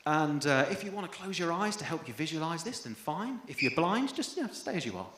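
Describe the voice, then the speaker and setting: Deadpan English stand-up with sudden shouts. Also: male voice, on the high side, a little fast. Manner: dry, self-deprecating delivery with sudden loud outbursts. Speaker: first-time stand-up comedian. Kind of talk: stand-up comedy set. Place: comedy venue on stage. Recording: echoey live venue with faint room noise.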